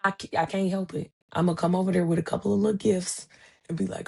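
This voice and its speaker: A woman in her thirties hosts a casual solo podcast with a mellow, warm tone and a slightly low voice. She talks in an easygoing, colloquial way. When she tells a story, she acts out the back-and-forth of the people in it. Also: fast talker, creaky, husky. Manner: animated storytelling, acts out quoted dialogue; conversational, colloquial phrasing. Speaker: podcast host.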